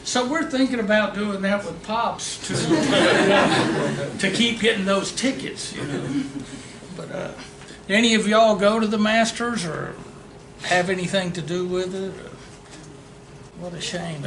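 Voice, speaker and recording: A man whose voice sits high speaks at a measured pace, giving a real estate seminar packed with jokes and stories for the audience in front of him. The background is noisy, and the meeting room adds echo and faint ambience.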